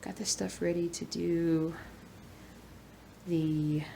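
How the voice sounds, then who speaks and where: A woman in her thirties talks while she stitches, rambling gently and dropping to a murmur now and then. Her voice sits low with a gravelly edge. A faint hiss of room noise runs under it. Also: little pitch movement, slow. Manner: soft-spoken, rambling, murmurs to herself while working. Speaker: cross-stitch vlogger. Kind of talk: relaxed stitch-along chat.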